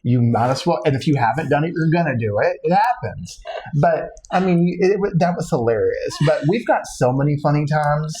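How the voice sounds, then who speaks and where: A man's voice: fairly high pitch, brisk, a little hiss or hum, rough recording. A man co-hosting a casual podcast. He tells workplace stories with lots of energy, laughs easily and doubles up his words. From Texas. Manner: animated storyteller, laughs often, repeats words. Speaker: co-host.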